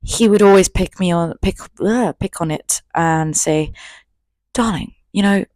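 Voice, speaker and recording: A woman's voice: fairly low pitch, measured pace, darkish tone, no room sound. A woman in her twenties telling a personal story in a chatty, candid, self-mocking vlog. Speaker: vlogger.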